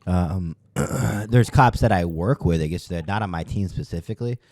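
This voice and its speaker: A police officer talks through his work in casual podcast chat with a very low, deep voice. He explains things in a steady, measured way. The sound is dry and close, with no room echo.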